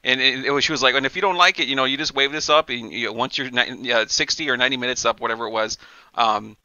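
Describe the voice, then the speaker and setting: A man's voice: mid-range voice, quick pace, no echo, dull audio. A man co-hosting a podcast, telling a long, profane story in casual chat and acting out the lines of the people in it. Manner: animated, profane, acts out quoted dialogue. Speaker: podcast co-host.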